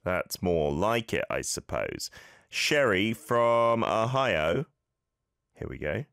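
A man's voice: lowish voice, big pitch swings, takes it slowly, fairly bright tone, clean tone, no room sound, studio quality. A man hosting a radio show, chatting casually and giving friendly tips to listeners. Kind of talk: casual broadcast chat.

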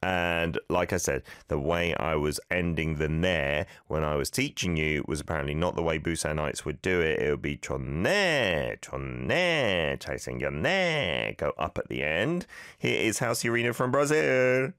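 A man's voice: extremely low pitch, normal speed, fairly bright tone, clean tone, no room sound, clean studio sound. A man hosting a radio show, teaching listeners Korean phrases in a chatty, friendly way and laughing along with their clips.

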